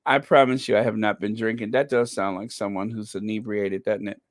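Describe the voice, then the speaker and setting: A man's voice: on the low side, fairly even intonation, fairly quick, no room sound, studio quality. A man hosting a casual live stream, greeting viewers by name and chatting with jokey asides.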